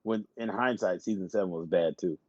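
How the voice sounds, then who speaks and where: A man co-hosting a podcast, telling animated stories in casual, profane chat. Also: deep voice, a little fast, dry recording, dull audio. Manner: animated storytelling with laughs and profanity. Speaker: podcast co-host.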